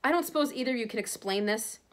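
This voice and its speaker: A woman's voice: on the high side, lively intonation, fast, lightly acted. A woman reading a stern, formal older professor. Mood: grave. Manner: firm, formal announcements.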